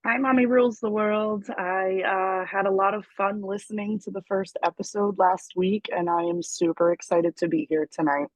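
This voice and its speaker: A woman's voice: medium pitch, fairly even intonation, normal speed, hardly any pauses, no room sound, poor audio. Woman, co-host, upbeat chat, dry sound. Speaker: podcast co-host. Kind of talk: casual podcast chat.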